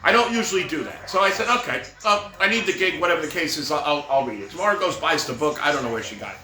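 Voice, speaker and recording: A man's voice: fairly high pitch, expressive, fast, sharp tone. A middle-aged man telling rambling stories from his years as a Santa performer, full of asides and filler like "right?" and "whatever". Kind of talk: casual storytelling monologue. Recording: roomy echo with faint music behind.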